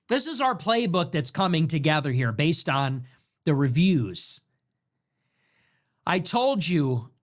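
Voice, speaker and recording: A man's voice: fairly high pitch, fairly bright tone. A man hosting a livestream, delivering an emphatic, repetitive, commanding monologue. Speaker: political livestream host. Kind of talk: monologue commentary.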